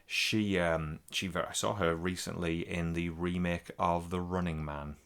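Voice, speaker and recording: A man's voice: low-pitched, steady tone, a little slow, a bit bright, smooth. A man, co-hosting a podcast in casual, rambling chat full of swearing. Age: 40s. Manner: sweary, rambling, laughs a lot. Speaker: podcast co-host.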